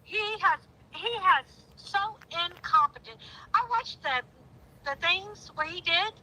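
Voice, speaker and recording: A woman's voice: extremely high pitch, takes it slowly, pushed and bright, rough recording. A middle-aged woman speaking with heartfelt emotion in a casual conversation, growing indignant at times. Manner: heartfelt, rising to indignant outbursts. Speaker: guest.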